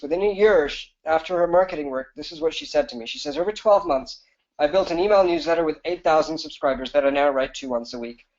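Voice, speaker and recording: Fast-talking man pitching a webinar. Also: dull audio. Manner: fast, enthusiastic sales pitch with fillers and restarts. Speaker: business coach presenting a webinar. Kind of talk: live webinar presentation.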